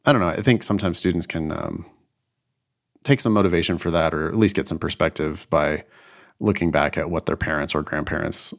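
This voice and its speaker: A young man with a very low voice chats easily on a podcast. He talks in a relaxed, thoughtful way and laughs often as he goes. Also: brisk, gravelly. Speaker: podcast co-host, LSAT tutor. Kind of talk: casual chat.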